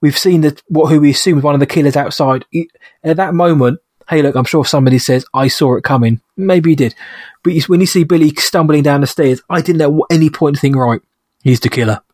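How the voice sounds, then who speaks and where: A man hosting a podcast, chatting enthusiastically about a film with halting restarts. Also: a little high, steady tone, darkish tone, no echo, clean studio sound. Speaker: podcast host. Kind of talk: casual film chat.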